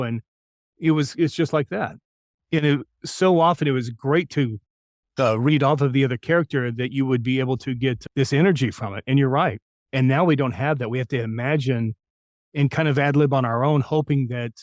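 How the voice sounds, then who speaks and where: This guest is an older man from New Mexico in the United States, a voice actor sharing self-deprecating anecdotes from his career in a storytelling interview. His mid-range voice sounds a little mellow, captured cleanly in a studio with no echo.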